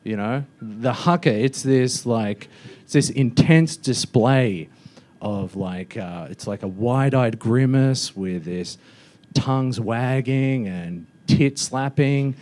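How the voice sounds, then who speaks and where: A man's voice: mid-range voice, takes it slowly, a little mellow. A young man doing a mocking stand-up roast in a comedy club, with a loose, offhand delivery full of fillers. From Australia.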